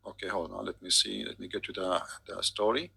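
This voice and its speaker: A man's voice: deep voice, steady tone, a little fast, vocal fry, sharp tone, slightly rough, low-quality recording. A man in a heated online debate who talks insistently and keeps saying "my friend". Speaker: debate host.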